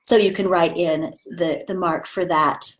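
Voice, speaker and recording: A woman's voice: on the low side, steady tone, measured pace, low-quality recording. A woman acting teacher talking casually and with enthusiasm about voice training, demonstrating vowel sounds as she goes.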